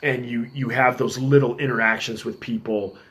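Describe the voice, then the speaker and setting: A middle-aged man telling stories in a casual podcast chat, working as a police officer, animated and acting out quotes. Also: mid-range voice, normal speed. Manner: animated storyteller, acts out quotes in a raised voice.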